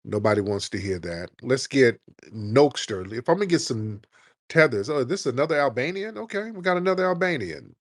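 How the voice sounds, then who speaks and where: A man's voice: mid-range voice, sing-song, dry recording, studio quality. Combative, mocking male stream host. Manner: combative, mocking, rapid-fire insults. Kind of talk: live call-in stream debate.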